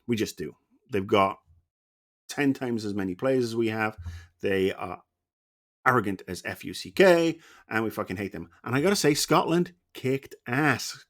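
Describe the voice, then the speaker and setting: A man from Wales streaming, talking sport in a casual, blunt and profane way full of teasing banter. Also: mid-range voice.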